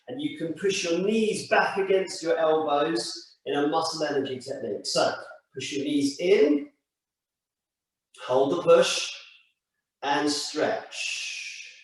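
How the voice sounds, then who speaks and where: A man leading a stretching class with slow, calm step-by-step cues. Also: on the high side. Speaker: stretching instructor. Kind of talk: guided exercise class. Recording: echoey room, mic far off.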